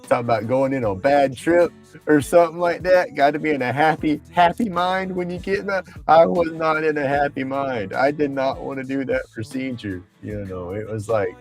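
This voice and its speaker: A man's voice: medium pitch, normal speed. A middle-aged man, chatting casually on a livestream, rambling and laughing often. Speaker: livestream host. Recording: faint music behind.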